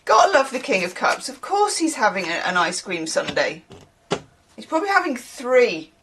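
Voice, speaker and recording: A woman's voice: fairly high pitch, sing-song, moderate pace, a bit bright, a little hiss or hum. A woman from the UK, a tarot reader who chats in a rambling way, with laughing asides. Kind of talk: casual chatty reading.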